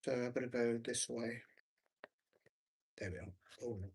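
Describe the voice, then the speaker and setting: A man's voice: mid-range voice, fairly even intonation, moderate pace, gravelly, darkish tone, a little hiss or hum. A man hosting a football chat on his own, rambling and hesitant, full of ums and restarts while he searches his notes. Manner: scattered, searching through notes while talking. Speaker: football watch-along host.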